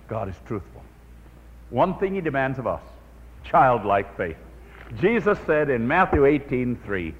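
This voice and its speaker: A man preaching a sermon to an audience in a hall, telling stories in an animated way and praying aloud. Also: on the high side, moderate pace, long pauses. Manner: animated storyteller, prays aloud. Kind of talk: evangelistic sermon with storytelling. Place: church or meeting hall with an audience. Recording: dull old recording in a reverberant hall.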